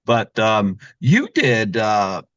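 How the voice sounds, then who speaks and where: Easygoing low-voiced male podcast host. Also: huge pitch swings, drawn-out words, fairly bright tone, no room sound. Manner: easygoing, many fillers like "you know" and "um". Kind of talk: casual interview chat. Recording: dull, dry lo-fi sound.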